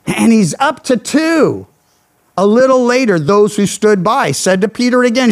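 A man pastor preaching a Bible sermon, earnest and emphatic, letting his phrases fall low at the end. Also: animated, a little slow. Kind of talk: expository sermon.

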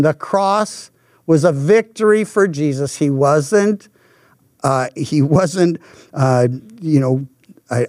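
An older man preaching a sermon in an emphatic, deliberate way, a pastor teaching from Scripture. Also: a little high, darkish tone, dry recording, studio quality.

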